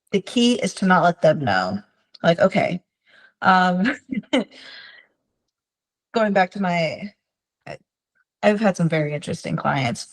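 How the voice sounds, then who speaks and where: Female behavior specialist, lower pitch, casual storytelling with voiced-out quotes. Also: rough recording. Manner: tells client stories, acting out quoted lines in a lively way. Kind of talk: conversational teaching with stories.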